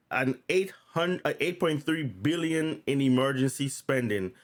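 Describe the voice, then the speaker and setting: A man hosting his own channel, reading news notes aloud in a casual way and often stuttering, repeating and restarting words. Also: medium pitch. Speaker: channel host.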